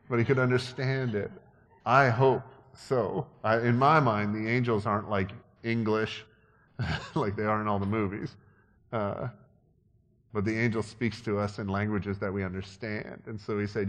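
A man's voice: mid-range voice, normal speed. A man preaching a sermon in a conversational, joking way that builds to emphatic peaks. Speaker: pastor. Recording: long hall reverb.

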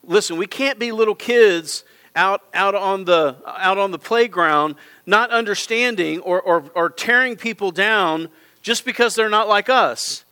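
A middle-aged man preaching to a congregation in a church auditorium. His voice sits high and sounds bright and forceful. He hammers his points with repeated phrases and direct appeals to the people in the pews. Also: unhurried, smooth. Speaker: pastor. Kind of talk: sermon.

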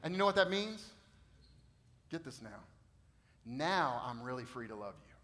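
A man preaching a sermon, repeating phrases and swinging from loud bursts to hushed tones. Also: medium pitch, sing-song, moderate pace. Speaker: pastor.

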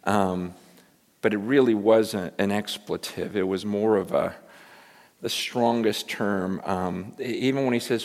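A man's voice: on the low side, fairly even intonation, moderate pace. Emphatic preacher man in a reverberant hall. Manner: emphatic, swings between loud and hushed, repeats words. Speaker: pastor. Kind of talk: sermon. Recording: long reverb from a large hall.

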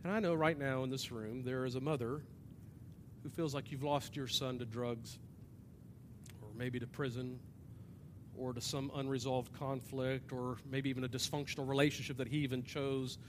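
A man preaching a sermon in a church, animated, acting out voices and swinging from loud to hushed. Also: mid-range voice, normal speed, slight background noise. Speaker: pastor. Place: church hall with an audience.

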